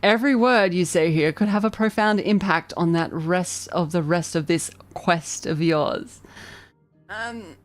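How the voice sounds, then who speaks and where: A woman streaming a game live, chatting excitably and reading the game's narration aloud. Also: lowish voice, a little slow, faint music behind. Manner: excitable, chatty, self-deprecating. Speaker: vtuber streamer.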